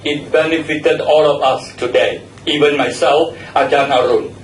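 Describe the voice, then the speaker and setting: A man's voice: on the high side, fairly even intonation, moderate pace, slight background noise. A man giving feedback at a speaking club meeting. He repeats words and spells some out letter by letter. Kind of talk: meeting evaluation speech. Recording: echoey room, mic far off.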